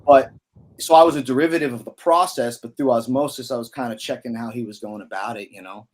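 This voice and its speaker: A fast-talking man in his thirties with a mid-range voice, this Pennsylvania musician shares stories as a guest. His chatty, loose delivery leans on fillers and slang.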